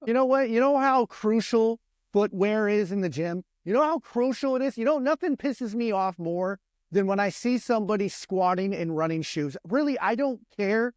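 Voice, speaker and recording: High-voiced man on a profane fitness rant. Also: dry recording, studio quality. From United States. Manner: ranting, profane, fired-up, repetitive exhortations. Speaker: podcast host.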